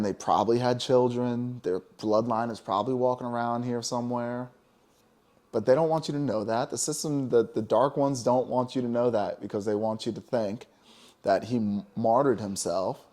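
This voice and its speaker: A man's voice: mid-range voice, a little mellow. A man co-hosting a casual spiritual talk show, talking emphatically and preaching, with many "you know?" asides. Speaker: podcast co-host.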